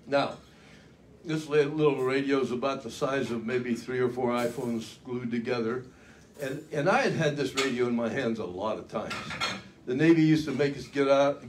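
Brief: older male speaker, fairly high voice, folksy dramatic storyteller, faint room hiss. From United States. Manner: folksy, dramatic, self-mocking humor. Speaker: keynote speaker. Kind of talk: storytelling speech. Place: luncheon event hall.

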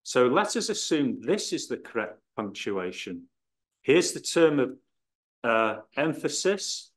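A man explaining scripture in a measured teaching style, stressing key words as he goes. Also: mid-range voice, sing-song, fairly bright tone. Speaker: Bible teacher.

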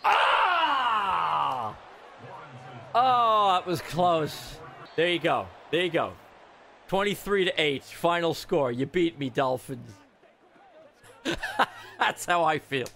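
A man giving loud, swearing commentary while playing a football video game, reacting to every play. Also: high voice, a little hiss or hum. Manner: excitable, yells and swears at the game. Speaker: gamer streamer. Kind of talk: live gameplay commentary.

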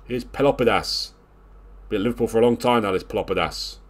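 Speaking at a quick pace, a man scolds his way through live commentary on the video game he's playing. Frustration drives him back and forth between shouted outbursts and low grumbles.

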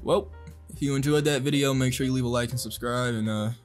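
A young male gaming streamer talks fast at a medium pitch over loud background music. His casual gameplay commentary is excitable, jumpy and full of profanity.

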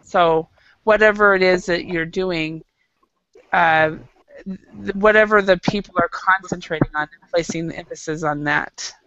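A woman's voice: lowish voice, unhurried, a bit bright, dull audio. A woman teaching an English class, patient and explaining with frequent restarts. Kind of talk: classroom lesson.

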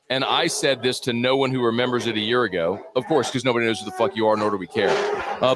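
A man hosting a sports radio show, talking in a blunt, profane, dismissive way. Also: medium pitch. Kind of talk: casual sports talk. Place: radio studio. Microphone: studio microphone.

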